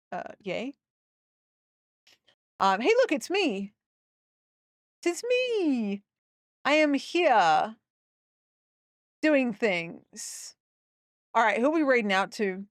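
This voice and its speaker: A young woman talks through a live gameplay stream with a chatty, rambling manner, thanking and joking with her viewers. Her voice sits at a middling pitch and sounds close and dry, with almost no room around it. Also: no echo. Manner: chatty and rambling, talking to chat.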